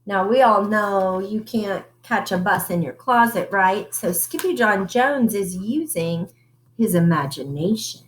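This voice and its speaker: Woman teacher, picture-book read-aloud, unhurried and engaging. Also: medium pitch, a little hiss or hum. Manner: expressive, asks the children questions. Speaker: teacher reading aloud to children.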